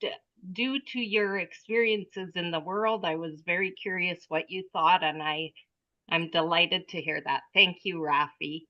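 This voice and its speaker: A woman's voice: fairly low pitch, fairly even intonation, a little slow, dull audio. A woman hosting a casual group discussion over a video call, asking questions in a polite, appreciative, slightly hesitant way.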